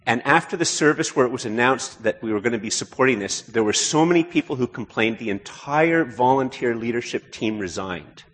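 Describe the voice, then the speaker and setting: Husky pastor in a reverberant hall. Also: male voice, medium pitch, brisk, few pauses. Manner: conversational, animated when quoting. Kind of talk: sermon.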